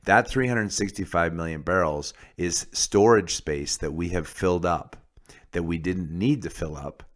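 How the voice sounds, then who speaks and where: A man with a very low voice talking on a casual podcast. He is blunt and swears freely, running on with fillers and quick restarts. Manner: blunt, profane, fast-talking with many "like"s and restarts. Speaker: podcast host, oil industry commentator.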